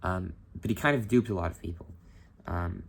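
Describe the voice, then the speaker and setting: A man's voice: low voice, moderate pace, vocal fry, slight background noise. A man casually explaining history as a vlogger, informal and opinionated, with many filler ums.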